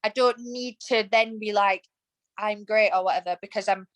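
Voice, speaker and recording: Her voice is mid-range with fairly even intonation and a slightly quick pace, captured on a low-quality recording. She's a woman in her thirties guesting on a podcast, passionate and emphatic in a casual chat, and she acts out quoted thoughts.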